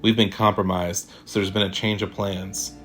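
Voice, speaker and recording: A level-headed, tired male companion, as a narrator plays him lays out plans flatly. The voice is low, with faint music in the background. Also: normal speed. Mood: matter-of-fact. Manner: matter-of-fact, sighing. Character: calm male companion, practical and weary.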